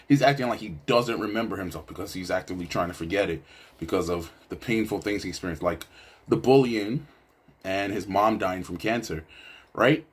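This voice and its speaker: Husky-voiced man reflecting casually. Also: deep voice, fairly quick. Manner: reflective, loose, with fillers and asides. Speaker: video essayist. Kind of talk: casual film commentary.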